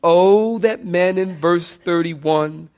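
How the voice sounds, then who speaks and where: Man, pastor, sermon, high voice, big swings in pitch and volume, addresses congregation. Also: takes it slowly, smooth. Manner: dynamic preaching with big swings in pitch and loudness, calls to the congregation. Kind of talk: preaching a sermon.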